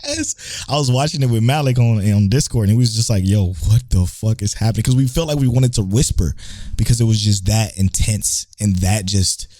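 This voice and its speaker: A man co-hosting a podcast in a casual anime chat, excitable and profane, acting out characters' lines. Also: lowish voice, brisk, no echo. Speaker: podcast co-host.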